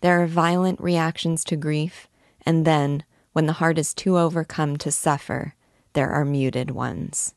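Middle-aged woman, literary commentary, measured reverent reading, slow, low voice. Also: fairly even intonation, a little mellow, dry recording, clean studio sound. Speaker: book discussion guide.

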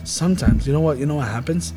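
High-voiced man preaching earnestly. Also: fast talker, noisy background. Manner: rambling, restarts, earnest preaching tone. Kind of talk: casual Christian podcast chat.

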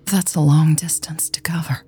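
A woman's voice: low voice, fairly even intonation, normal speed, mellow, breathy edge. A woman voicing an eager, playful young female lover in a breathless whispered role-play. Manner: breathless, giggly.

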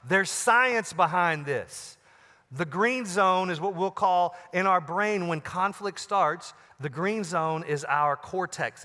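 A male pastor preaching a sermon, swinging from loud emphasis to quiet, low asides. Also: long reverb tail. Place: large church auditorium.

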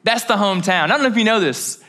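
A man's voice: high voice, expressive, quick pace, bright, forceful tone. A man from Kentucky preaching a casual, joking sermon in church, with slangy asides. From Mayfield, Kentucky, USA. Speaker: pastor. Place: church service. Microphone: handheld or headset mic.

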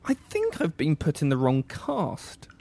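A man's voice: on the high side, huge pitch swings, unhurried, creaky, mellow, dry recording, exaggerated voice. A man playing a timid one-armed reptile-person job seeker in a comedy sketch, with a meek, sheepish and hesitant manner.

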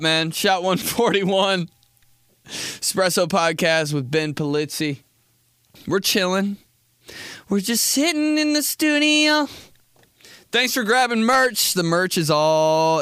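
A man's voice: a little high, fairly bright tone, clear, resonant tone, dry recording. Laughing, rambling young man in a dry studio. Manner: rambling, laughs often, says dude and bro. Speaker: podcast host. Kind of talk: casual comedic monologue.

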